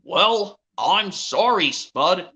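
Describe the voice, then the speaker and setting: A man's voice: high-pitched, expressive, extremely slow, pushed and bright, voice pushed up, heavily acted. A man playing a stern old cartoon farmer. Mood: scolding. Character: stern, fussy older male farmer. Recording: lo-fi online voice chat.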